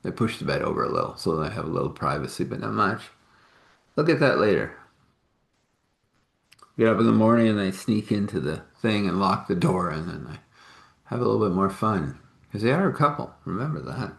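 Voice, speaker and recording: A man's voice: on the low side, expressive, a little fast, gravelly, long pauses. A man telling a long story in a casual, rambling, homespun way, with many fillers. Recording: echoey room.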